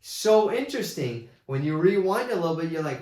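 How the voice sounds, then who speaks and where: A man giving a casual movie review, rambling with many restarts and excited retellings. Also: fairly high pitch, brisk, reverberant.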